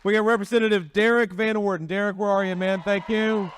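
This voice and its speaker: A man's voice: sits high, steady tone, a little fast, a bit bright, clean tone. A man giving a campaign rally speech, talking in a folksy, repetitive way with frequent restarts. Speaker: political candidate at a rally.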